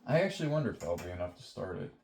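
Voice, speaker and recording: A man's voice: low voice, big pitch swings, very fast. A young man talking to himself in a casual, rambling, self-deprecating way while he fixes an engine, moving near and away from the camera. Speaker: vlogger. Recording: echoey room with faint noise.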